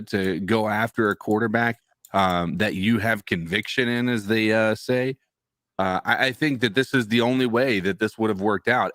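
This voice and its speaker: A man co-hosting a sports podcast, laying out his argument in a measured, reasoned way. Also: on the low side, a bit bright, no room sound, clean studio sound. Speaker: podcast co-host. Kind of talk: casual sports chat.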